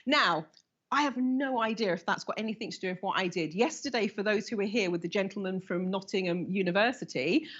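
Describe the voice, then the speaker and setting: A woman in her fifties teaches a live workshop session and moves quickly into stories, acting out the voices of the people in them. Her voice is mid-pitched and the recording sounds a little dull. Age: 50s. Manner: animated storyteller who acts out quoted voices. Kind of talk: live expo talk with stories.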